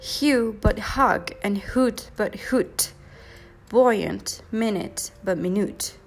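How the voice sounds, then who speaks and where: A woman reciting a long pronunciation poem slowly, one word at a time, as a teacher would. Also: mid-range voice, vocal fry, faint music behind. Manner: slow, deliberate word-by-word recitation.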